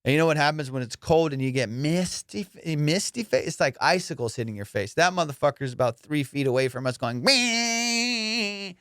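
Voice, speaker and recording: A young man, a comedian hosting his podcast, telling a profane, animated story. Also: mid-range voice, a little fast, hardly any pauses, dry recording, studio quality. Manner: profane, animated, acts out voices. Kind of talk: casual storytelling.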